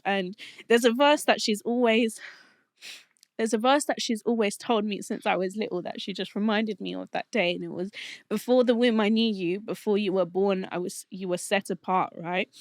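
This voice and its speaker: A young adult woman telling a personal faith testimony in a heartfelt, halting way, often restarting her sentences, and getting emotional. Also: medium pitch, dry recording. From Colombian family roots. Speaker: podcast guest.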